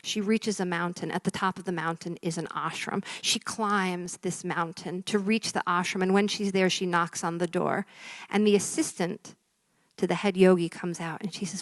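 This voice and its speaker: A woman's voice: lowish voice, normal speed, no echo. A woman telling jokes to a live audience, acting out the characters with voice shifts and dropping to a whisper for effect. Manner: lively storyteller, drops to whispers for effect. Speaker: joke teller. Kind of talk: stand-up joke telling.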